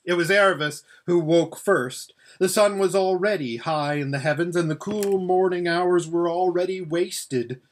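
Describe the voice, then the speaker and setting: A man reading a children's novel aloud as an audiobook, with expressive storytelling. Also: high voice, a little slow, few pauses. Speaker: narrator.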